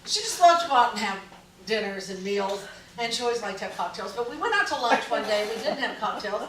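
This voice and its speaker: A middle-aged woman comedian telling stand-up stories in an animated way, breaking into loud yelling impressions. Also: medium pitch, fast, background noise. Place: small live music venue. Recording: echoey room from far off, audience laughter.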